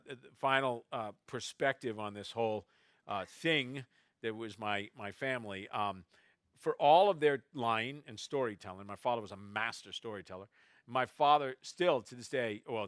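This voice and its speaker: A man telling family anecdotes to a festival audience, quoting relatives in quick asides. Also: medium pitch, fairly bright tone, dry recording, clean studio sound. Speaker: novelist speaking at a festival. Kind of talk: storytelling talk to an audience. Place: festival stage before a live audience.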